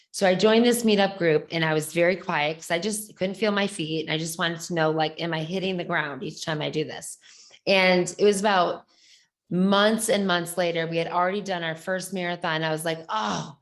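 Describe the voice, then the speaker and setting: A woman hosting a podcast roundtable, chatty and self-deprecating as she tells stories. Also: lowish voice. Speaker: podcast host. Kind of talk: casual roundtable chat.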